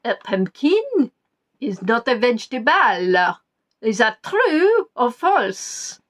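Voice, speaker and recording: A woman's voice: fairly high pitch, sing-song, slow pace. A woman hosting a live-streamed quiz from home, rambling playfully, reading out viewers' answers and making joking asides.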